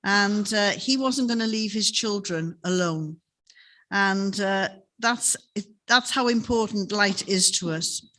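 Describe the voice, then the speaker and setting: A woman preaches a sermon in a chapel. Her pitch sits in an ordinary middle range, and she speaks in a gentle, conversational storytelling manner. She often turns to her listeners with tag questions. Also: slow pace.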